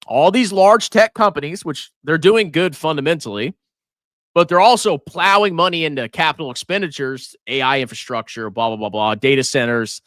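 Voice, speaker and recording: A man's voice: a little high, normal speed, fairly bright tone, no echo, clean studio sound. A man hosting a live finance stream, giving brash, mocking market commentary and laughing often. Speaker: finance livestream host.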